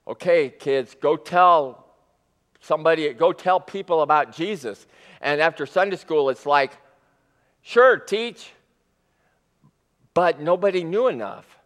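A man preaching a sermon as a pastor, telling the story with animated emphasis and acting out the quoted lines. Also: fairly high pitch, moderate pace, long reverb tail.

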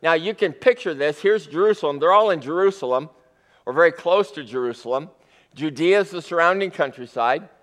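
A man preaching a sermon as a pastor, telling the story with animated emphasis and acting out the quoted lines. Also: on the high side, a little fast, in a large hall.

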